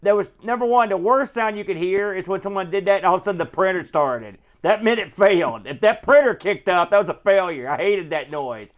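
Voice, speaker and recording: High-voiced man explaining details. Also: animated, brisk, hardly any pauses. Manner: explanatory, fills in technical details. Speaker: co-host. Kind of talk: casual chat.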